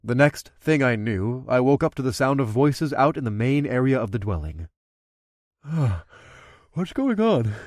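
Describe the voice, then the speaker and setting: A man's voice: medium pitch, lively intonation, a little slow, no echo, clean studio sound. A man narrating an adult fantasy audiobook, doing the main character's dialogue himself.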